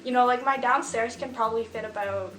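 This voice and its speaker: A woman's voice: fairly high pitch, fairly even intonation, fairly quick. A woman in her twenties casually telling a story, chatty and full of fillers, often laughing as she talks. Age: 20s. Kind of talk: casual story time chat. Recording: echoey room with faint music.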